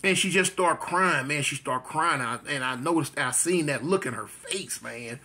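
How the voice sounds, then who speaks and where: A man with a fairly high, bright and forceful voice recounts his own past in a loose, conversational way. He circles back on phrases and brings the story to life with his own sound effects. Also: moderate pace, slightly rough. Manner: vivid storyteller who repeats phrases and mimics gunshots. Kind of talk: personal life story, casual telling.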